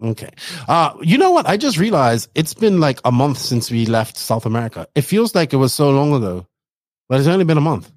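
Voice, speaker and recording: Guy hosting a podcast, rambly casual chat, kinda high voice, dry close mic. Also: sing-song, fairly quick, no room sound. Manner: rambling, lots of fillers and shout-outs. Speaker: podcast host.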